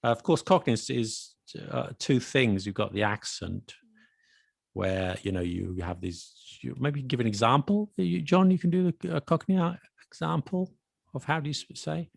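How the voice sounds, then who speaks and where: A podcast co-host with a medium-pitched, gravelly voice talks at normal speed in a clean studio recording with no room sound. Chatting casually about accents, he explains things with patient examples.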